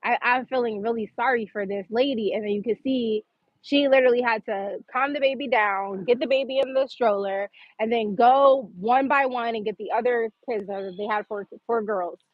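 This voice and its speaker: A woman with a slightly high voice talks through a personal story on her livestream, loose and conversational, dropping "like" all the time. The sound is dull and lo-fi, close and dry with no room echo. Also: normal speed. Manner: chatty, filler-heavy with frequent "like". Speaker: livestream host. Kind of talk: casual storytelling monologue.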